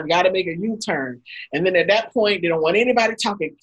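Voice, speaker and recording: A woman hosting a talk over a video call, telling lively anecdotes and acting out the people in them. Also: mid-range voice, a little fast, husky, low-quality recording. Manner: animated anecdotes, acts out quotes with laughs. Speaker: host. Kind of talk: casual storytelling talk.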